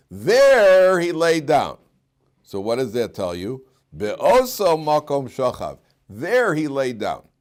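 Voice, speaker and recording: This is a middle-aged man, a rabbi giving a Torah lesson, who lingers loudly and slowly on key phrases. Between quizzing his students, he drops his voice low and quiet for wry asides.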